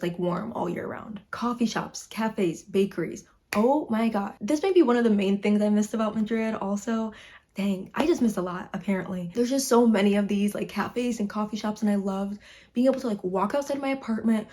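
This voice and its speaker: A woman's voice: mid-range voice, dark tone. A woman in her twenties from Chicago, chatting casually in a vlog, bubbly and full of "like". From Chicago, United States. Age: 20s. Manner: chatty, bubbly, heavy use of "like". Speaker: vlogger. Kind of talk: casual talking-head vlog. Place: home room in winter.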